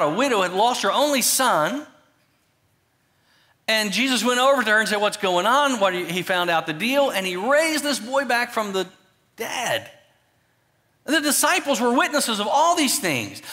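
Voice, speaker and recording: A man pastor preaching a sermon, animated, swinging between loud emphatic bursts and quiet low asides.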